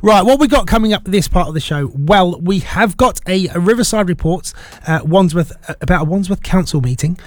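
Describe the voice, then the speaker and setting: A man hosting a local radio show, chatty and quick to laugh. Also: sits high, dry recording. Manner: chatty, laughs often, excitable. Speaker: radio host. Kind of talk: casual local radio chat. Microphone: studio microphone.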